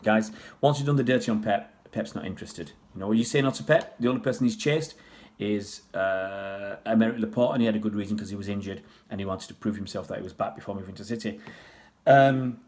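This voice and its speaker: A man's voice: fairly low pitch, quick pace, darkish tone. A man from Pakistan, raised in England, chatting casually on a livestream and answering viewers' questions in a rambling way. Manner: rambling, chatty, many restarts and fillers.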